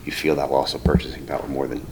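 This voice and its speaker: A man with a very low voice gives a friendly, persuasive sales pitch while touring a visitor around his business. Clear background noise runs beneath his words throughout. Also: monotone, fast, low-quality recording. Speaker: business owner giving a tour. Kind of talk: casual sales talk.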